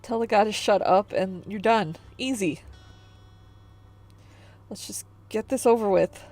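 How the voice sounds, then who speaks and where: A woman's voice: mid-range voice, unhurried, darkish tone. A woman streamer casually reacting while she reads webcomics, with blunt, swearing remarks. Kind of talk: casual live-stream commentary.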